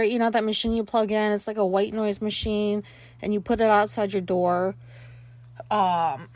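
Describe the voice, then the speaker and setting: A woman in her thirties chatting casually from her bedroom, rambling and candid, with plenty of swearing. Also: mid-range voice. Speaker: podcast host. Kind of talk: casual personal chat. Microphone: phone.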